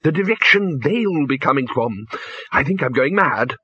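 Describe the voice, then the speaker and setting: A man's voice: mid-range voice, lively intonation, normal speed, bright, forceful tone, breathy edge, no echo. A man voicing a nervous older male wizard bursar who whimpers, on a slightly dull recording. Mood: fretful. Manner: whimpering, jittery.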